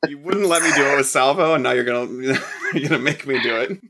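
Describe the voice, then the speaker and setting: A man's voice: mid-range voice, bright, forceful tone, slight background noise. A man running a tabletop game as game master. He laughs often, jokes at his own expense, and halts on fillers. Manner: laughing, self-deprecating, halting fillers.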